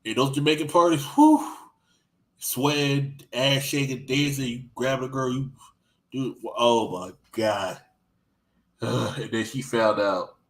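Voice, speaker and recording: A man telling crude stories in casual podcast chat. He rambles with lots of restarts and acts out what others said, swinging loud and soft. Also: medium pitch, takes it slowly, rough recording.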